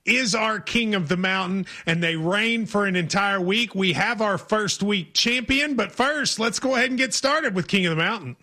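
A man's voice: high-pitched, normal speed, hardly any pauses, sharp tone. A man hosting a sports talk radio show in an upbeat, teasing way.

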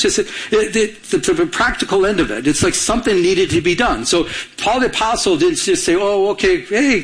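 A man preaching a sermon in a conversational way, often pausing for the congregation to fill in words. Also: a little high, fairly bright tone, rough recording. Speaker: pastor.

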